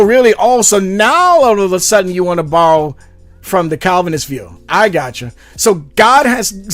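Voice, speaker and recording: Mocking high-voiced man reacting to a clip. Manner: animated, mocking, sarcastic asides. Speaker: commentary channel host. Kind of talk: reaction commentary on a debate clip.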